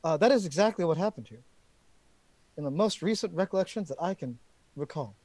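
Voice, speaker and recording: A man voicing a polite, soft-spoken male stranger in a tabletop game, speaking quietly and mildly. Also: a little high, animated, a little fast, no room sound.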